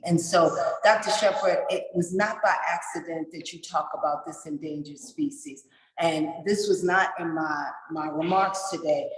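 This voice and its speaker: Woman in her 40s, passionate and animated storyteller, voice echoing in the room. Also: fairly low pitch, slight background noise. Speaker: summit speaker. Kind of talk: storytelling remarks at a virtual summit. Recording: echoey room.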